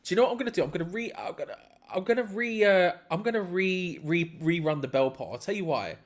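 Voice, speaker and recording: A man's voice: sits high, lively intonation, fast. A man hosting a live football watch-along, commenting on play to his chat in disbelief and laughing at bad defending.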